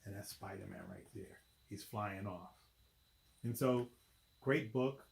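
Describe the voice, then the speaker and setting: A man's voice: on the low side, takes it slowly, vocal fry, reverberant. Chatty man reading a picture book aloud. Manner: chatty, explains pictures, asks "right?". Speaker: volunteer reader. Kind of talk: children's read-aloud.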